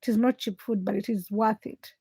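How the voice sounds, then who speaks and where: A woman from Uganda hosting a casual late-night livestream, telling stories in an animated way and reading viewer comments aloud. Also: medium pitch, a little fast, breathy edge, dry recording. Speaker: livestream host.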